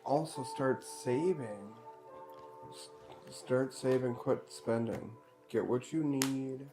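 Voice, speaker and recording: Over music, a tarot card reader gives a live-streamed reading, chatty and joking as he relays what the spirits tell him. His voice is mid-range and he takes it slowly.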